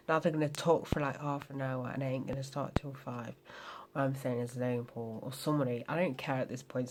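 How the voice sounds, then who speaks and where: Young woman, low voice, tired, sweary, rambling, late-night home vlog, whispers at times, faint background hum. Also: a little fast, a little mellow. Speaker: vlogger.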